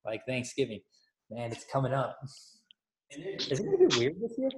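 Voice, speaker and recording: A man's voice: medium pitch, wildly swooping pitch, moderate pace, darkish tone. Guy preaching casual and playful, keeps asking the crowd stuff, echoey room. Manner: playful, asks the audience questions. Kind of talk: casual sermon.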